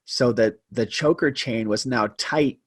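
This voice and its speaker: A man telling a personal story as a podcast guest, animated and self-deprecating, shifting his pace for effect. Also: medium pitch, measured pace, no echo, clean studio sound. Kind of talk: casual storytelling interview.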